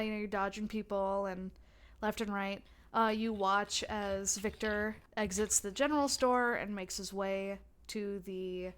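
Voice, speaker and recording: A woman's voice: medium pitch, clear, resonant tone. A young woman narrating a tabletop game as game master, chatty with many fillers and restarts.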